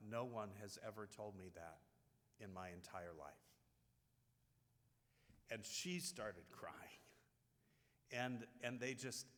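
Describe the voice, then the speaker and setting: A man's voice: mid-range voice, a bit bright, long reverb tail. A man giving a heartfelt sermon, telling stories with frequent restarts. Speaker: pastor.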